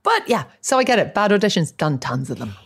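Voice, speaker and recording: A middle-aged Irish woman in casual chat, telling self-mocking stories in an animated way. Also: medium pitch, a little fast, husky. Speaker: podcast co-host, actress, mother.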